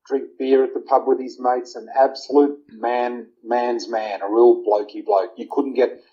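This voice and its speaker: Speaking unhurriedly with a flat delivery and medium pitch, this middle-aged Australian interview guest shares a heartfelt story from his own life. He earnestly recounts conversations with his family in close detail, captured on slightly muffled, lo-fi audio.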